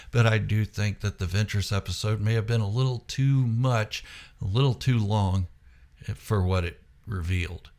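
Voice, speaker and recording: A man's voice: lowish voice, gravelly. A man hosting his own channel, talking through an episode review in a chatty, casual way with self-correcting asides. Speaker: YouTube channel host.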